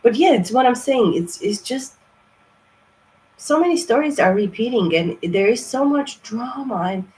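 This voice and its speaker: A woman's voice: a little high, animated, a little slow, mellow, poor audio. A woman giving a casual tarot reading, blunt and profane, rambling with lots of fillers. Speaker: tarot reader.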